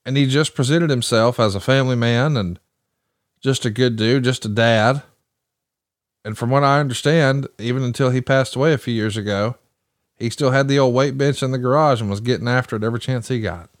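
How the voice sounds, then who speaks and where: A man's voice: mid-range voice, a little fast, no echo, clean studio sound. Enthusiastic storytelling male host. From American South. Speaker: podcast host. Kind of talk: casual commentary chat.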